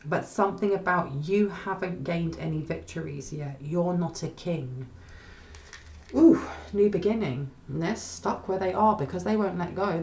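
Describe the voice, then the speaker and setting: A woman's voice: on the low side, reverberant, muffled recording. A woman giving a casual spoken tarot reading, chatty and often checking in with "okay?". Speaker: tarot reader.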